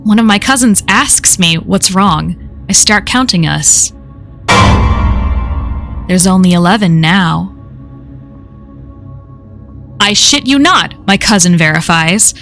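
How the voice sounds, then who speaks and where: A woman's voice: lowish voice, measured pace, pauses often, over music. A woman reading a first-person horror story aloud on a live stream, in a casual, conversational telling full of swearing.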